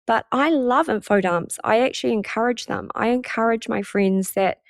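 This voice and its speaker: A woman's voice: a little high, normal speed, no room sound, clean studio sound. A woman hosting a solo podcast, talking in a chatty, candid way and swearing casually. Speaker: podcast host.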